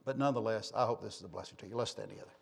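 A man's voice: on the low side, very fast, creaky, husky. A man preaching a sermon in a church, folksy and conversational, teasing members of his congregation. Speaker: pastor. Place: church sanctuary.

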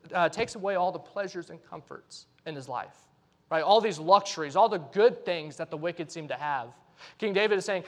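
A man's voice: high-pitched, fairly bright tone. A man preaching a sermon, earnest, and pleading when he voices the prayers, with frequent "right?" asides to the congregation.

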